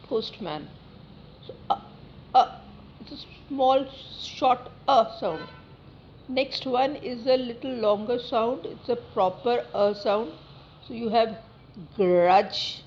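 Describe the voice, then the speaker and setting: A woman teaching a phonetics lesson, reading word lists slowly and deliberately with many fillers. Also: mid-range voice. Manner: slow and deliberate, repeating words, many fillers. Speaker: English teacher. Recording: slightly dull recording with faint noise.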